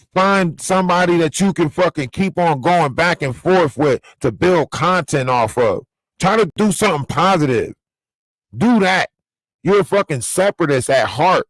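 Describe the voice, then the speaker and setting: A man rants into his stream, scolding and swearing in a confrontational tone. His voice sits a little higher than most men's, and the sound is dry and close with no room echo. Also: expressive, unhurried. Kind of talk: ranting livestream monologue.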